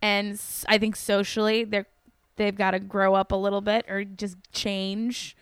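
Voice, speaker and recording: A woman's voice: mid-range voice, flat delivery, unhurried, clear, resonant tone, no echo, studio quality. A young woman comedian chatting casually on a podcast, rambling with lots of fillers and giggles. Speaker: comedian guest.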